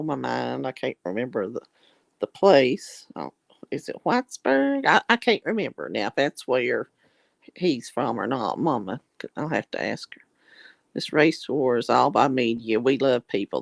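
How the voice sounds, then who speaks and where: A woman with a thick East Tennessee mountain drawl talks slowly and folksily, reading out viewer comments on her livestream. Her voice is gravelly and swings up and down a lot. The sound is close and dry. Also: low-pitched, no echo. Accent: Southern US drawl, East Tennessee mountains. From East Tennessee, American South. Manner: folksy, affectionate, calls viewers darling and honey. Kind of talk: casual livestream chat.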